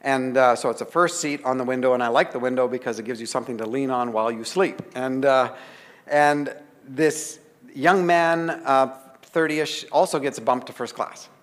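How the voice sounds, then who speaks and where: A man telling a lively anecdote to an audience, laughing and acting out the dialogue. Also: mid-range voice, moderate pace, in a large hall. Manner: lively, chatty storytelling with laughs and acted-out dialogue. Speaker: author giving a talk. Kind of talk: storytelling anecdote to a live audience.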